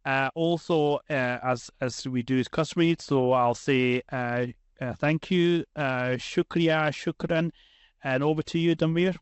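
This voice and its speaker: A man hosting a podcast, earnest and a bit halting as he gathers his thoughts. His voice sits somewhat high for a man. The recording is dry and close. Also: clean tone, no room sound. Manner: earnest, many fillers and restarts. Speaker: podcast host. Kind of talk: casual conversation.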